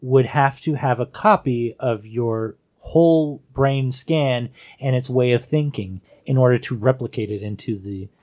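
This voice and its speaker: A man co-hosting a podcast, talking about films with enthusiasm and drawn-out musing. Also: medium pitch, a little mellow. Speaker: podcast co-host. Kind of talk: casual film discussion.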